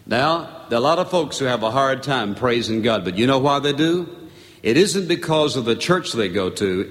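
A man preaching a sermon in a church, reading scripture slowly and with weight, then teaching in an emphatic, deliberate way. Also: medium pitch, fairly bright tone. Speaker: pastor. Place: church sanctuary. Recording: long reverb of a church hall.

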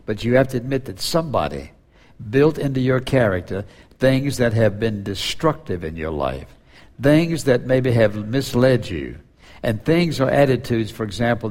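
A male pastor preaching an earnest sermon to a congregation, slowing down when he quotes scripture. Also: medium pitch, darkish tone.

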